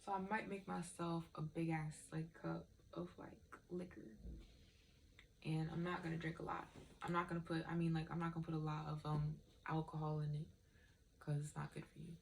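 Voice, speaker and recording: A woman's voice: low voice, flat delivery, normal speed, creaky, slight background noise. A young woman vlogger in casual, candid chat, rambling and swearing freely.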